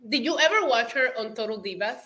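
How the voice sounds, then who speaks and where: A woman's voice: fairly high pitch, lively intonation, fast, pushed and bright. A woman whose first language is not English, co-hosting a casual chat and giving earnest, emphatic opinions. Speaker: podcast co-host.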